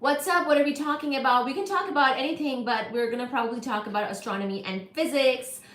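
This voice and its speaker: A lively woman hosts a casual livestream, chatting with viewers and reading their comments. Her voice sits high and bright, bouncing playfully between greetings. The room around her rings with a noticeable echo. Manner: animated, playful, greets viewers in rapid repeated bursts. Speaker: livestream host.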